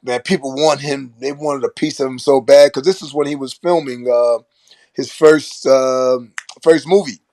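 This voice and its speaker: An older man from Brooklyn, telling stories as a podcast guest in a lively, chatty way. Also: mid-range voice, moderate pace, no room sound. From Brooklyn, New York. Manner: animated anecdote-telling with laughs and acted quotes. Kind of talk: storytelling in casual chat.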